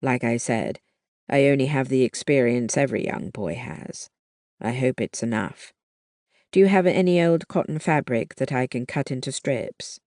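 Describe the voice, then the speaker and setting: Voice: medium pitch, moderate pace, a little mellow, dry recording, studio quality, lightly acted. A narrator voicing a modest, resourceful young man who talks in a plain way.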